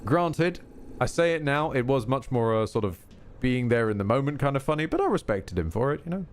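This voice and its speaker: A man's voice: mid-range voice, animated, brisk. Guy streaming a game, rambly, voice jumps all over, a little hiss behind. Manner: rambling, self-interrupting, wry asides. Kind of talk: casual live gameplay commentary.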